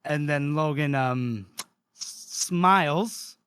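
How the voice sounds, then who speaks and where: Male podcast co-host, animated storyteller, a bit high, dry close sound. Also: slow pace, clean tone, no echo. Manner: animated retelling, acts out the characters' lines. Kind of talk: casual chat recapping a book.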